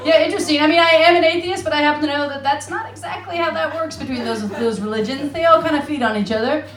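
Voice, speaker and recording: A woman from Alaska talks fast in a high-pitched voice that echoes through the room. With her American accent, she performs a brash, profane, self-mocking stand-up set on a comedy club stage in Amsterdam, laughing through her asides.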